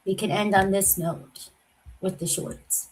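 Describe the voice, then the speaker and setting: A woman hosting a casual livestream chat who talks in a soft, rambling way and often trails off. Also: mid-range voice, steady tone, measured pace, low-quality recording. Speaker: livestream host.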